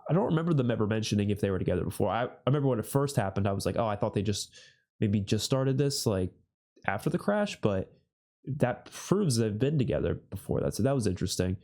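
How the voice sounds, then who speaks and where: Gravelly, animated young man reacting. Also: on the low side, fast talker. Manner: excitable, swears often, voice jumps on outbursts. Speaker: reaction video host. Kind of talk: casual reaction commentary.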